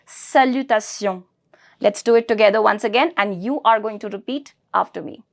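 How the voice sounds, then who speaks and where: A woman teaching a pronunciation lesson, breaking words into syllables and repeating each one slowly. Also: mid-range voice, gravelly. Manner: slow, syllable-by-syllable with repeated drilling. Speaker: language teacher.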